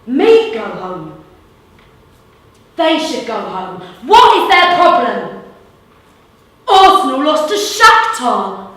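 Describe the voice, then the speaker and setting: A woman's voice: high voice, sing-song, slow pace, pushed and bright, heavily acted. A woman putting on an indignant young man. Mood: exasperated. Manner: exasperated, sarcastic. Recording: echoey hall from far off.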